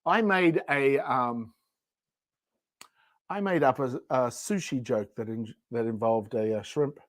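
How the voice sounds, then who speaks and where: A woman's voice: a bass voice, a little slow, no echo. An Australian woman co-hosting a casual live chat, chatty and playful with giggly asides. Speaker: co-host.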